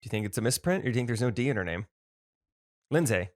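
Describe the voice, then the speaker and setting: A man's voice: mid-range voice, animated, rapid-fire. A man co-hosting a podcast in casual chat, playful and laughing often, reading listener mail with asides. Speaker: podcast co-host.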